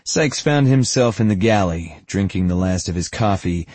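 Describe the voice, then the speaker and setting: A man narrating an audiobook in a very deep, husky voice. His telling is steady and even. The recording is dry and close, with no room around him. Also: normal speed, dry recording. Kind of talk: scripted narration.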